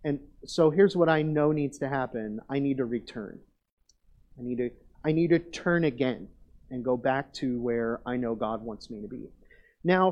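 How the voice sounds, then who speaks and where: A man delivers a casual, story-filled sermon, his voice sitting a little high. He talks in loose, rambling sentences, often restarting them, and perks up when a funny story takes off. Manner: conversational, rambling, frequent restarts; animated when telling funny stories. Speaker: pastor. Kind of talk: sermon with personal stories.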